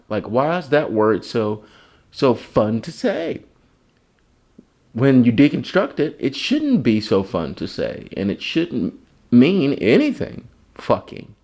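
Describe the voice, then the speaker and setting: A man's voice: medium pitch, big pitch swings, measured pace, darkish tone. A man hosting his own comedy podcast, talking in a rambling, profane, joking monologue. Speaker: podcast host.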